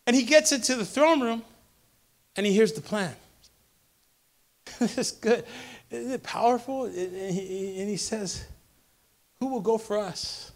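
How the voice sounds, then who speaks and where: A pastor preaching a sermon to a church congregation, with impassioned, repetitive call-and-response lines that build to shouted peaks. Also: male voice, sits high, a little slow, long pauses. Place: church service before a congregation.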